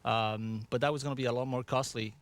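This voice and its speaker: A man acting as a show's Mac expert, explaining answers in a relaxed, good-humored way. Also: medium pitch, brisk, clear, resonant tone. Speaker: Mac expert on a talk show. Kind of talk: live radio talk show answers.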